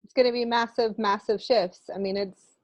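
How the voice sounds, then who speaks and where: A woman co-hosting a casual spiritual chat, animated, laughing often and acting out little quotes with whoops. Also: fairly high pitch, moderate pace, dry recording, muffled recording. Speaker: spiritual channel co-host.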